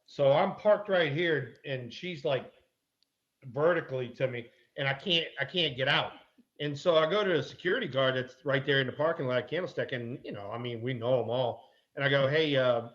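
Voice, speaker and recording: Middle-aged male guest, lively raconteur, curses casually, muffled recording. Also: mid-range voice, normal speed. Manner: animated, salty anecdote-telling with mild swearing. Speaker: guest, former ballplayer. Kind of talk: casual chat, storytelling.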